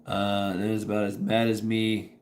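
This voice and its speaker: With a lowish voice, completely flat delivery and a moderate pace, this man hosts a casual home livestream, rambling, laughing often and swearing freely. A camera propped on a table indoors records him, adding a little hiss or hum.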